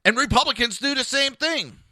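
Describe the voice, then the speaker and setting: Man, podcast host, blunt sarcastic rant, profane, piercing bright voice, dry close sound. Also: very high voice, expressive, a little fast, no echo. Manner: talks to listeners in a live chat. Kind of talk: live political commentary podcast.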